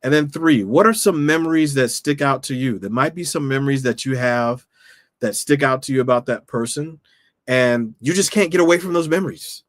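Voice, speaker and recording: Pastor, male, conversational sermon delivery, mid-pitched voice, dry close sound, repeats key questions. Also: moderate pace, dry recording. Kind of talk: sermon-style teaching to camera.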